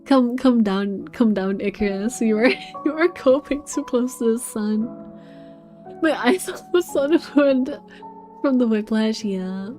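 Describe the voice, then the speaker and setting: A woman's voice: a little high, animated, unhurried, darkish tone, soft background music. A woman streaming a game, commenting casually with frequent laughs and swearing, and reading its text aloud.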